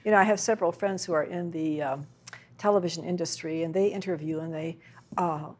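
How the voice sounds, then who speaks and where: A woman's voice: low-pitched, steady tone, a little fast, a little mellow. A woman hosting an interview, asking questions and encouraging the guest with short affirmations. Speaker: interview host. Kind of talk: casual interview chat.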